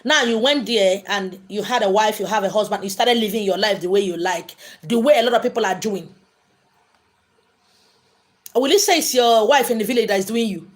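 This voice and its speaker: A woman's voice: medium pitch, normal speed. A woman hosting a spiritual livestream and answering viewer questions, talking emphatically and repeating phrases to drive her points home. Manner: emphatic, preachy, repeats lines for stress. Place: indoors, live streaming.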